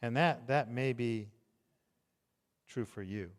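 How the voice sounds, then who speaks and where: A middle-aged man preaching a tender, hushed sermon as pastor. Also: mid-range voice, long reverb tail. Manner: slow, tender, hushed delivery.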